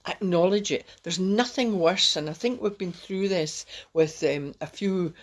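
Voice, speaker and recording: A woman's voice: lowish voice, measured pace. A middle-aged woman, hosting a rambling, encouraging self-help talk on a live stream. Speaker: host.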